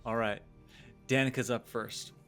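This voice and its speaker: A man narrating a tabletop game as game master, telling the scene slowly. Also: mid-range voice, steady tone, a bit bright, faint music behind. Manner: slow, storytelling narration.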